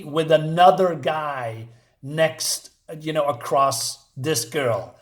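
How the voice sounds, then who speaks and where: A fairly high-voiced man rants through a comic book review, sounding exasperated and sarcastic. He rambles, stumbles over restarts and piles on fillers. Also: steady tone, takes it slowly. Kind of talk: ranting review.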